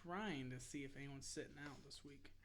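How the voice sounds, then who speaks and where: A man's voice: mid-range voice, fairly quick, a loud crowd. A young man co-hosting a sports podcast, telling stories in casual, profane banter and laughing often. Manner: profane, laughing, animated storytelling. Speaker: podcast co-host.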